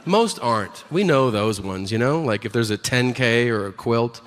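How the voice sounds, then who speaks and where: A man's voice: medium pitch, normal speed, big-room sound. A man doing a brash, crude stand-up comedy set on stage before an audience. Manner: brash, animated, crude punchlines. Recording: live stage mic with room noise.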